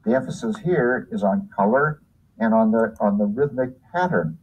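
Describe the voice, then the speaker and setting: Guy teaching art, kinda husky and lowish voice, calm explaining while he works. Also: dull audio. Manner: unhurried, talks while working, pointing things out. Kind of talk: hands-on art demonstration.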